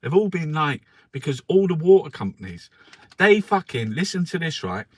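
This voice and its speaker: A man's voice: fairly high pitch, very animated, normal speed, no echo. A man who reviews the newspapers in an angry, profane political rant. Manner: angry, profane, swears constantly.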